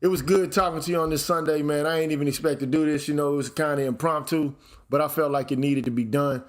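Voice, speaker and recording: A man hosting his own channel, speaking in casual commentary, blunt and profane, at times working up into shouted rants. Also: fairly high pitch, fairly even intonation, fast. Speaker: channel host.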